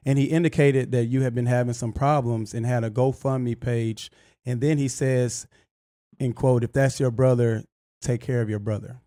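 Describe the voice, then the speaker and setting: A male podcast host steers the chat with casual questions. He keeps up a steady stream of short "right" and "exactly" remarks. His voice is mid-pitched and recorded dry, with no room echo. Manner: affirming, quick interjections. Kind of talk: casual interview.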